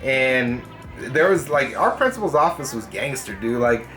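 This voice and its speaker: A young man hosting a vlog, casually telling a story from school, swearing freely and animated. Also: mid-range voice, unhurried, faint music behind. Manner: profane, animated, puts on voices in quotes. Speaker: gaming channel host.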